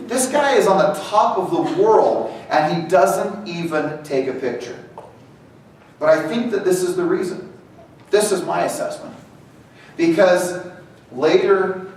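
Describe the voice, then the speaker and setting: A man giving an energetic motivational talk to a real estate team, animated and acting out quoted voices. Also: fairly high pitch. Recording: echoey hall, voice from far off, faint noise.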